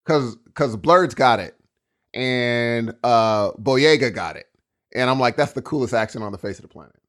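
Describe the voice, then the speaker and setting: A middle-aged man co-hosting a podcast, talking in casual, animated bursts of storytelling. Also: medium pitch, normal speed. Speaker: podcast co-host. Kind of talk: casual chat.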